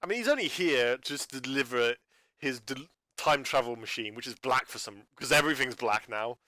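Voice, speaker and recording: A man's voice: medium pitch, animated, moderate pace, pushed and bright, dry recording. A man talking in an unscripted rambling monologue, stumbling and restarting his sentences as he rants in exasperation about a video channel. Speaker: YouTuber reviewing a channel.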